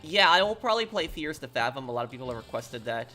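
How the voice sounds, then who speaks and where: A man's voice: mid-range voice, very animated, fast, pushed and bright, faint music behind. A man streaming a game, chatting casually and answering chat questions, with frequent fillers and restarts. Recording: noisy game audio underneath.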